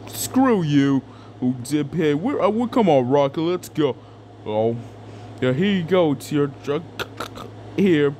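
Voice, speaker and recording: A man's voice: on the high side, lively intonation, unhurried, pauses often, a little mellow, a little hiss or hum. A young man doing an improvised comedic fan dub, rambling and crude with lots of fillers. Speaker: fan dubber.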